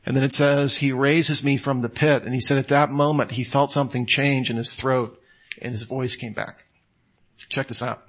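A man preaching a sermon in a conversational, storytelling way with animated asides. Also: medium pitch, normal speed.

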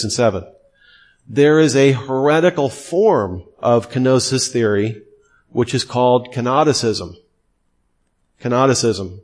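A middle-aged man teaching a theology class, asking pointed questions and repeating key terms for emphasis. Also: medium pitch.

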